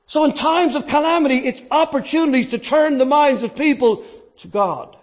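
Male preacher, very high voice, dynamic delivery, quiet to shouting, rhetorical questions. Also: normal speed. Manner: asks and answers his own questions. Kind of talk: sermon.

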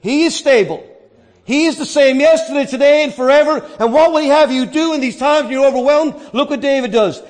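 A man's voice: very high voice, a little fast. A middle-aged man preaching a sermon with earnest emphasis, stretching key words as he makes his point. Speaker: pastor.

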